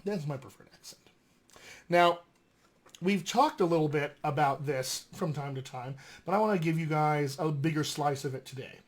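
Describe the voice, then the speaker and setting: Animated American dialect coach, man. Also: fairly high pitch, moderate pace. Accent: mostly General American. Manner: animated, conversational, with frequent fillers. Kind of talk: casual recorded lesson. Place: filmed at home with flashcards.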